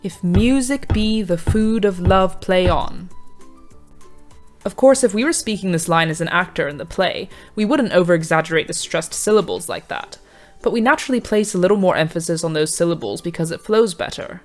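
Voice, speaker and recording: Calm woman narrating a revision lesson. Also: on the low side, soft background music. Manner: measured, clear teaching delivery. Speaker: revision tutor. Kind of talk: scripted educational narration.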